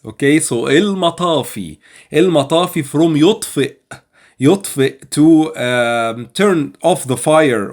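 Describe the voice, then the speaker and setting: A man with an Egyptian accent teaching spoken phrases, repeating each one slowly and patiently. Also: mid-range voice. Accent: Egyptian Arabic. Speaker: Arabic language teacher. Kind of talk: language lesson.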